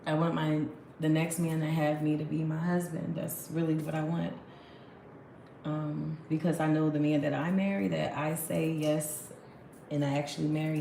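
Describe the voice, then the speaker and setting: A woman's voice: low voice, gravelly, warm tone, roomy sound, a little hiss or hum. A woman in her thirties chatting casually to a phone camera, rambling and laughing often. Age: 30s. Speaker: vlogger.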